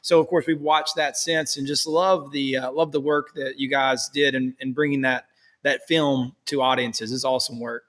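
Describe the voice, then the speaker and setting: A man's voice: mid-range voice, fairly even intonation, moderate pace, a bit bright, long reverb tail. A man being interviewed as a podcast guest, telling his story in an enthusiastic, rambling way. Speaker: podcast guest, hotel owner. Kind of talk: casual conversational interview.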